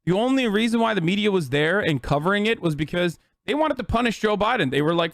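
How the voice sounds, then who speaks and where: A man's voice: sits high, animated, quick pace, vocal fry, a bit bright, no echo. A man in his thirties streaming, ranting heatedly about politics to his chat, emphatic, profane and repetitive.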